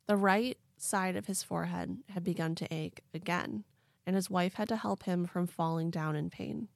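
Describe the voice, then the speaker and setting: A woman's voice: on the low side, fairly even intonation, moderate pace, vocal fry, dry recording, studio quality. A woman hosting a podcast, telling a story casually, cursing freely and laughing along. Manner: chatty, swears casually, laughs a lot. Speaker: podcast host.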